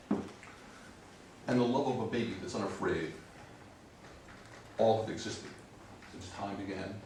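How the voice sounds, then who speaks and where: Man reciting verse slowly in a barn. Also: fairly low pitch, darkish tone, slight background noise. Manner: slow, deliberate recitation. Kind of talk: reciting a comic poem to an audience. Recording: echoey barn from far off.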